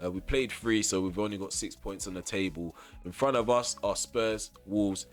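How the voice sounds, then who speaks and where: A young man commentating on his football video game, ranting at the referee, then calmly recapping for viewers. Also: on the low side, normal speed, soft background music. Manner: exasperated ranting at the referee, shouting. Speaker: gaming YouTuber. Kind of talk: gameplay commentary.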